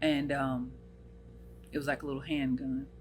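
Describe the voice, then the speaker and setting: This channel host, a woman from the United States, earnestly and emotionally recounts a personal story, quoting the dialogue of the people involved. She speaks in a very deep voice with flat delivery at a moderate pace, and there's slight background noise.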